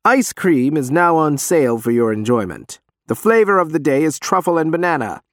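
A man voicing a talking loudspeaker box giving cheery public announcements. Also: on the high side, very animated, moderate pace, no room sound, studio quality, pitched above the performer's own voice.

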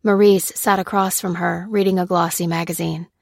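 A woman's voice: lowish voice, vocal fry, dry recording. Woman narrating an audiobook, dry close sound. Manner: steady, measured storytelling. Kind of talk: scripted narration.

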